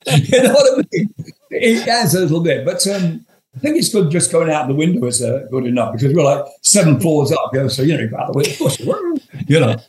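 A man's voice: on the high side, sing-song, a little fast, darkish tone, a little hiss or hum. A man in his seventies from England, a guest telling rambling, profane anecdotes with frequent chuckles. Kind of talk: storytelling interview. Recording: roomy echo.

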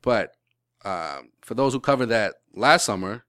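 A man's voice: fairly low pitch, expressive, measured pace, fairly bright tone, dry recording, studio quality. A male podcast host in casual sports chat, rambling with lots of restarts and the odd swear word.

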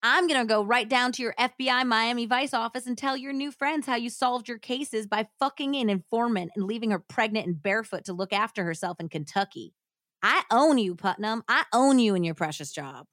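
A woman voicing a spiteful, vengeful woman who taunts and threatens loudly, as part of a true crime reading. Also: on the high side, brisk, few pauses, dry recording, studio quality, voice pushed up, close to an everyday voice. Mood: taunting. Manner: taunting, raises voice.

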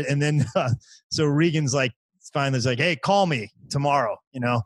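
An animated male comedian chatting on a podcast, telling stories with lively swings in his voice. He stumbles and repeats words and often slips into bouncy impressions. The sound is dry and close to the mic. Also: mid-range voice, a little fast, dry recording. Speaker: stand-up comedian, podcast guest. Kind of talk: casual conversation, storytelling.

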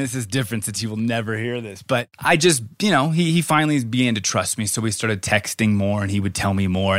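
Low-voiced man telling a lively story. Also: no echo. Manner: animated storyteller, laughs often. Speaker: podcast co-host. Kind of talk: casual chat.

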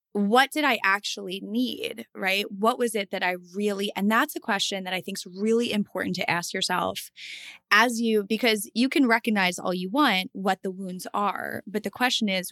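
A woman's voice: mid-range voice, fairly bright tone, dry recording, studio quality. A woman co-hosting a casual podcast chat, talking reflectively and asking herself questions aloud. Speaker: podcast co-host, therapist.

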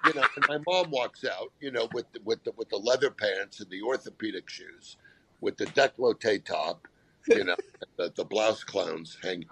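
A man's voice: fairly low pitch, very animated, normal speed, a bit bright, a little hiss or hum. A man in casual conversation, a guest comedian telling rambling, self-deprecating anecdotes with frequent restarts. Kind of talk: casual storytelling chat.

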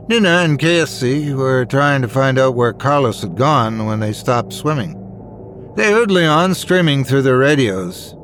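A man reading a scripted horror story in a measured, suspenseful manner. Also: medium pitch, fairly bright tone, slight background noise. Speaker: narrator.

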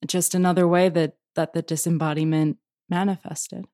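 Thoughtful, low-voiced woman poet. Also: flat delivery, warm tone, dry recording, clean studio sound. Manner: thoughtful, searching, halting restarts. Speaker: poet and author, guest. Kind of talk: reflective interview answers.

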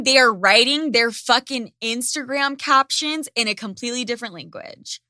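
A woman hosting a podcast in casual chat, ranting in an animated, profane way. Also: a little high, moderate pace, dry recording, studio quality. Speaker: podcast host.

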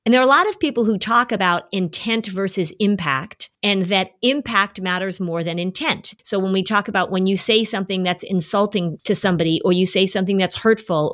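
A middle-aged woman talks through parenting advice like a relaxed chat, telling little stories and pausing to ask "right?". Her voice sits in an ordinary middle pitch, neither high nor low. She keeps an easygoing, conversational tone throughout. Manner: conversational storytelling, frequent "right?" check-ins. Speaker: podcast host and parenting advisor.

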